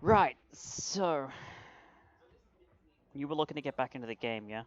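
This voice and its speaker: A short, brisk boss woman, as a man puts her on in a tabletop role-play game, talking business and coaxing a runner back to work. The voice sits at an ordinary middle pitch. The sound is dull and lo-fi. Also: animated, lightly acted. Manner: brisk, coaxing recruiter talk.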